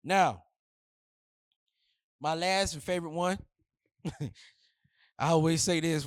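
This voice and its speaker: A man's voice: fairly high pitch, animated, a little slow, long pauses, clear, resonant tone, no echo, studio quality. Blunt slangy man giving dating advice. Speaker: relationship advice host. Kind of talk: casual advice monologue.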